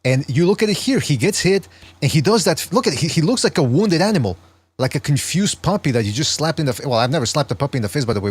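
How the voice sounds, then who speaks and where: A man's voice: on the high side, husky. A man hosting a podcast, commenting on a sparring clip with wry, rambling asides. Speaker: podcast host.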